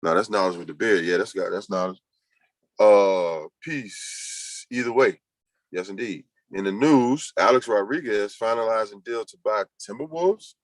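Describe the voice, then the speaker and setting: A man's voice: on the low side, normal speed, no echo, low-quality recording. A man hosting a casual livestream, rambling loosely and talking to his chat and to himself. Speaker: livestream host.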